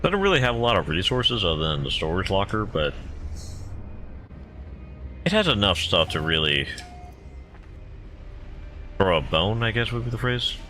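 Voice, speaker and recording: A man's voice: on the low side, sing-song, normal speed, long pauses, pushed and bright, a little hiss or hum. A man giving rambling, self-deprecating commentary while playing a video game. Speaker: gamer. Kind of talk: casual gameplay commentary.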